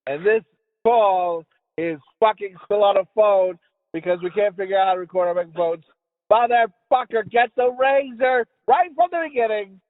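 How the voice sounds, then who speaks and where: A man's voice: high-pitched, normal speed, no room sound. A middle-aged man from the United States hosting a podcast, rambling and swearing his way through casual chat with friends, recorded over a phone. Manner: rambling, heavy swearing, laughing. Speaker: podcast host. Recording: tinny phone line, dry.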